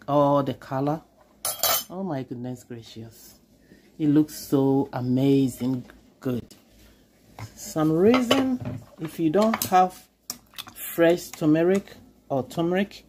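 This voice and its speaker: A woman's voice: a bass voice, dark tone, a little hiss or hum. A woman, who has a cold, hosting a chatty, reassuring cooking tutorial in her home kitchen. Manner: chatty, reassuring, repeats okay. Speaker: cooking channel host.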